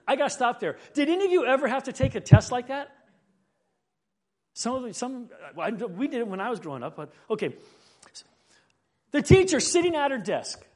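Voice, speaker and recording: A man preaching a sermon in an earnest way, often repeating words as he gathers his thoughts. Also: extremely high pitch. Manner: earnest, building and falling in emphasis; repeats words when thinking.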